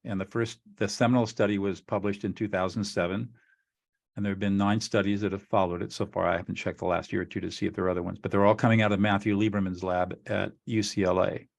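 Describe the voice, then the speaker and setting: A man with a fairly low voice teaches his audience step by step. He is earnest and methodical, and he sometimes acts out short sample exchanges as he explains. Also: little pitch movement, quick pace, vocal fry. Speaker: co-host teaching relationship skills.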